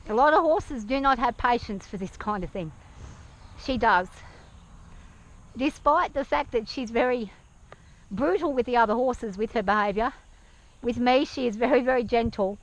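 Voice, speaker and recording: An anxious woman talking to camera while on horseback outdoors, hesitant and soft-spoken, speaking gently to her horse, recorded on a worn action camera. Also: a little high, moderate pace, highs cut off. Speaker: nervous horse rider. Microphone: action camera worn by the rider.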